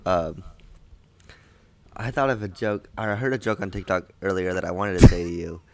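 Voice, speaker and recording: A man's voice: low voice, steady tone, moderate pace, creaky, darkish tone. A man co-hosting a casual movie podcast, loose and joking, often stumbling over his words. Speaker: podcast co-host.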